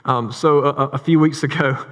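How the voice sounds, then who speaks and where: A man preaching a sermon as a pastor, talking in a conversational way and telling stories with lively, repeated words. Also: mid-range voice, normal speed. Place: church sanctuary. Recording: long hall reverb.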